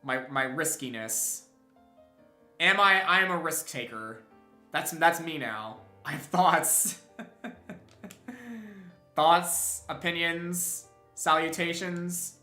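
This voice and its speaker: Rambling young man streaming, bright and roomy. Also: fairly high pitch, animated, takes it slowly, pauses often, soft background music. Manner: rambling, restarts a lot, chuckles often. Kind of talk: casual live-stream chat while gaming. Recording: roomy echo.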